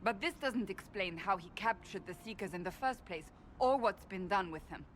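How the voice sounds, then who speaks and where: A woman's voice: mid-range voice, expressive, normal speed, a little hiss or hum, lightly acted. An actress playing a proud, stern woman warrior who speaks in a firm, commanding way. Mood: grave. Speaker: warrior companion. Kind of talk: video game voice acting.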